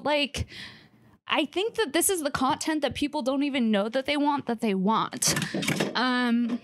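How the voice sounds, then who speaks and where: A woman's voice: fairly high pitch, a bit bright, dry recording, studio quality. A woman comedian rambling through a tour of her fridge, sarcastic and self-mocking, swearing freely and a little out of breath. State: slightly out of breath. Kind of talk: casual rambling monologue. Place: home kitchen.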